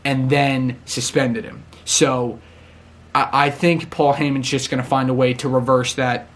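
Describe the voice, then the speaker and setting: A man casually recapping a wrestling show, chatty and excitable, laughing often and acting out what people said. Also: medium pitch, measured pace.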